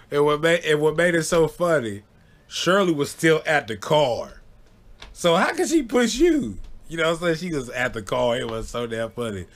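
A man casually telling funny childhood stories, animated, breaking into loud high yelps when he acts out what people said. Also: moderate pace. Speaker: storyteller. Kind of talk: casual storytelling to camera.

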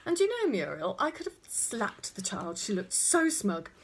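A woman's voice: medium pitch, wildly swooping pitch, moderate pace, slight background noise. A woman voicing a fussy, flustered father who talks in an exasperated, exclaiming way.

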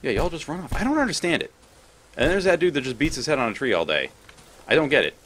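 A man's voice: a little high, big pitch swings, fast, fairly bright tone, slight background noise. A man commentating his gameplay, rambling, thinking aloud and swearing freely. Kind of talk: let's play commentary.

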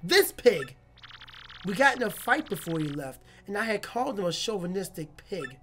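A woman's voice: mid-range voice, very animated, normal speed, a bit bright, a little hiss or hum. A woman reading the lines of a distressed village shopkeeper whose husband was cursed, from a video game. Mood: distraught. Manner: reading game dialogue aloud. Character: upset village shopkeeper wife.

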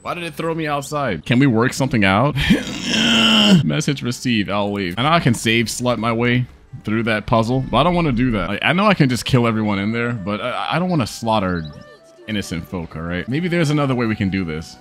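A man's voice: mid-range voice, lively intonation, a little fast, fairly bright tone. A tired young man commenting on his gameplay, joking, cursing and laughing often. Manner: profane, joking, laughs a lot. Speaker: gaming streamer.

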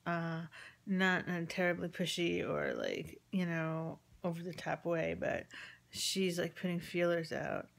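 A woman's voice: on the low side, big pitch swings, measured pace, creaky. Rambling woman recounting family drama. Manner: rambling, quotes conversations, frequent ums, drops to near-whisper. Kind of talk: casual personal storytelling. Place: at home with chickens nearby.

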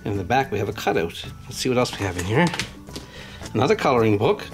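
A man's voice: fairly low pitch, very animated, fast talker, music in the background. A man casually unboxing toys and reading a children's storybook aloud, chatting to young viewers as he goes. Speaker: channel host.

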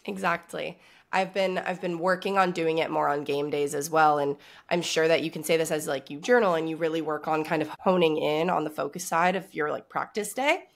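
A woman's voice: low voice, fairly even intonation, brisk, vocal fry. A woman hosting a podcast, talking in a reflective and encouraging way. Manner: warm, encouraging, reflective talk. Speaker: podcast host. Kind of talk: casual podcast interview.

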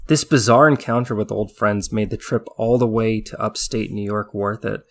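A man narrating a short story in the first person in a measured, subdued way. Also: on the low side, fairly even intonation, gravelly. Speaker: audiobook narrator.

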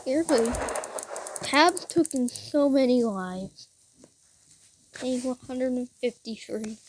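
A young gamer giving rambling let's-play commentary who often restarts sentences and breaks into excited bursts. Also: high voice, slow pace. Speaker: gamer narrating his own play.

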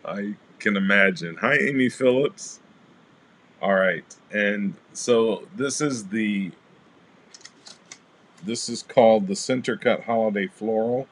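Chatty deep-voiced man hosting a craft livestream. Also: slow, a little hiss or hum. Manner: chatty, greets live chat viewers by name; relaxed, rambling with fillers. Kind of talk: casual craft demo livestream.

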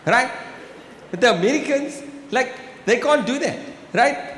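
A man's voice: very high-pitched, animated, unhurried, a bit bright, a little hiss or hum. A man from Cape Town with a South African accent doing live stand-up comedy, chatty, often asking "right?" and tossing in "bruh". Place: large exhibition hall on stage. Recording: echoey live hall, faint ambience.

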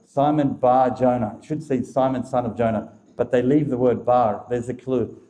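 Man, speaker of a religious talk, mellow voice, emphatic and direct with the crowd. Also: mid-range voice, fairly even intonation, normal speed. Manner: emphatic, repetitive, addresses the audience directly. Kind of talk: preaching talk to a live audience.

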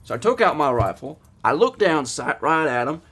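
A man's voice: fairly high pitch, very animated, moderate pace, fairly bright tone, breathy edge, exaggerated voice. A young man voicing a boastful male bear hunter with a Southern US accent, telling a brash tale. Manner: swaggering, brash storytelling.

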